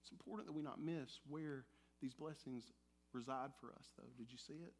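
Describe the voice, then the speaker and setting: A male pastor delivering a sermon in a church, animated and conversational, with playful asides to the congregation. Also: medium pitch, brisk. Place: church sanctuary.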